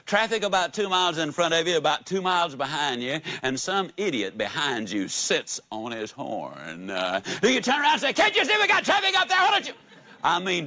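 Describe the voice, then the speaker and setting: A man's voice: on the high side, a bit bright, dry recording. A man giving a live motivational speech, telling folksy stories and asking the audience questions. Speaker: motivational speaker.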